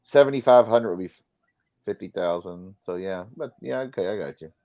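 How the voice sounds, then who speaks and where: A man in casual podcast chat, thinking through figures out loud. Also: deep voice, normal speed, dull audio. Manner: talks through numbers out loud.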